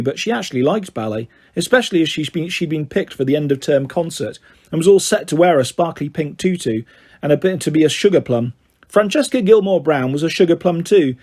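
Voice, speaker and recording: A man reads a children's book aloud in a steady, expressive way. His voice sits a little higher than most men's. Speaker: storyteller.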